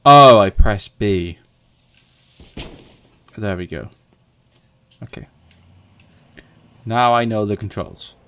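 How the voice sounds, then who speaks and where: A man with a fairly low, smooth, slightly bright voice narrates a let's play slowly, pausing often, into a stand-mounted desk mic. As a gaming video host he swears, has panicky outbursts and makes self-mocking jokes.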